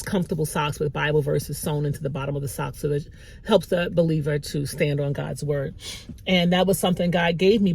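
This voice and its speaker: Mom talking straight to camera, husky and kinda teary, chatty faith pep talk. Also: female voice. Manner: warm, conversational, lively pitch swings with bursts of laughter. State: tearful, emotional. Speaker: mother and small business owner.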